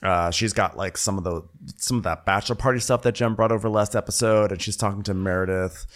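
A man's voice: lowish voice, steady tone, fast. A man co-hosting a podcast, rambling through a reality-show recap with frequent laughter and fillers. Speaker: podcast co-host. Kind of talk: casual recap chat.

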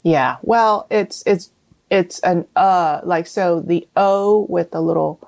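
A woman from Vietnam, a cookbook author guest in a casual interview, explaining things in a relaxed way and laughing often. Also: fairly low pitch, takes it slowly, gravelly, no echo.

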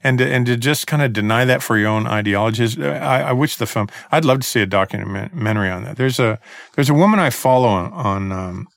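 A man's voice: medium pitch, fairly quick, creaky, no room sound, studio quality. A man co-hosting a casual chat about a documentary, speaking earnestly and thoughtfully, with frequent restarts. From Texas.

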